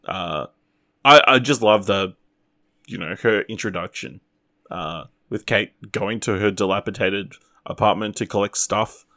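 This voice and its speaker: Low-voiced man in casual chat. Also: a little slow, dry recording, clean studio sound. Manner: relaxed, rambling with fillers and laughs. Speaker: podcast co-host.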